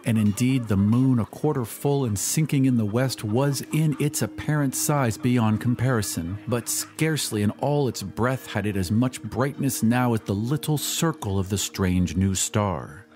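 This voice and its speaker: A man giving a measured, dramatic audiobook narration of a classic story. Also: mid-range voice, a little mellow. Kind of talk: scripted narration. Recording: faint music bed under narration.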